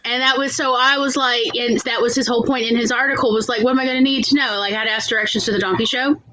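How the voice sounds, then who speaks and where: A woman telling funny stories in a casual chat with friends, wry and quick to laugh. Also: on the high side, fairly even intonation, over a noisy crowd, poor audio. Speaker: guest in a writing chat.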